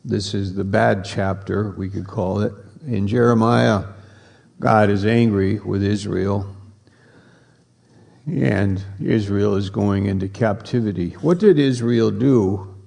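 A man preaching a sermon, slow and emphatic, repeating key words for effect. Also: fairly low pitch, fairly even intonation, creaky, a little mellow.

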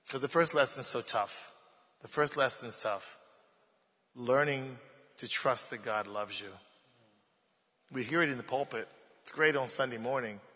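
A man closing a Bible study with soft, reflective remarks. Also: mid-range voice, in a large hall.

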